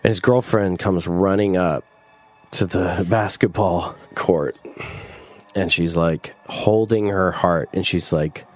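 A man's voice: low voice, steady tone, slow pace, a little mellow. A man casually telling a long personal story in an interview, swearing freely and filling his speech with "like". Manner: rambling, profane, fillers like "like", laughs often. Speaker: interview guest.

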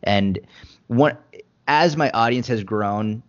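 A man speaks as a podcast guest, a fitness coach who argues bluntly and passionately and swears freely. His voice sits at a middling pitch. The recording sounds dull and lo-fi. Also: takes it slowly. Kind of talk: podcast interview.

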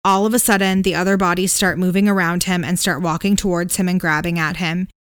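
A woman's voice: lowish voice, a little fast, clean tone, no room sound, clean studio sound. A woman co-hosting a podcast, casually retelling a ghost story with "um"s and "like"s. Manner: relaxed retelling with fillers and hedges. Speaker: podcast co-host.

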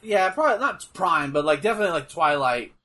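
A man chatting casually and joking while watching wrestling, excitable and quick to laugh. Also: on the high side. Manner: jokey, excitable, bursts into loud laughs. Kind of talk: casual watch-along chat.

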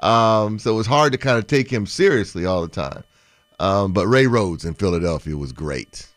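A man, a former pro football player, co-hosting a casual sports talk show and explaining his points in a steady, conversational way. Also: lowish voice, moderate pace, no echo.

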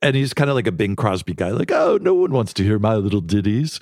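Very deep-voiced male co-host, relaxed explaining, dry mic. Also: fast talker, dry recording. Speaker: comedy writer, co-host. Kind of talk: casual podcast chat.

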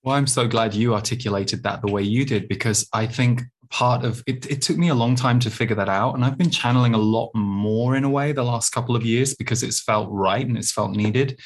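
A man's voice: mid-range voice, a little fast, few pauses. A man hosting a spiritual podcast, speaking thoughtfully and reflectively. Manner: thoughtful, reflective, with many restarts. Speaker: podcast host. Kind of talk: casual interview chat.

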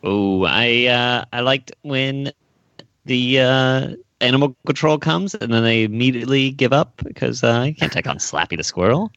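A man co-host with a mid-range voice talks haltingly, filling pauses with "uh" and laughing between phrases. The recording is dull and lo-fi, with a very dry sound. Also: mid-range voice, a bit bright, no echo. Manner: halting, laughs while talking, many "uh"s. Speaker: podcast co-host. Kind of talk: casual chat.

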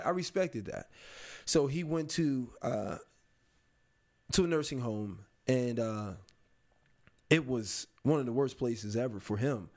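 Give me a young man recounting a personal story in an interview, reflective and halting. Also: medium pitch. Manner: reflective, halting, many ums and restarts.

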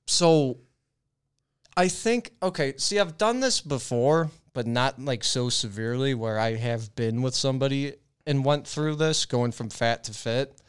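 A young man rambles through a casual podcast chat, cursing freely and circling back on his own thoughts. His voice comes through smooth and clear at an ordinary pitch. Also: a little slow. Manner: loose, profane and rambling. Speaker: podcast co-host.

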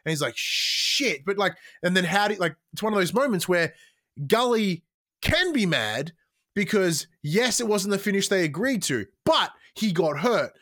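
A man hosting a podcast, talking in an animated, excitable way, swearing freely and often restarting his sentences. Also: sits high, moderate pace. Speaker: podcast host. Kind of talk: casual podcast chat.

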